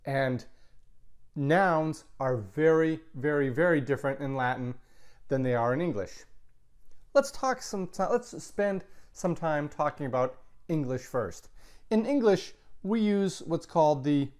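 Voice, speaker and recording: A man teaching a Latin grammar lesson, explaining step by step and repeating key words slowly. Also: a little high, lively intonation, darkish tone, clear, resonant tone. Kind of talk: recorded classroom lecture.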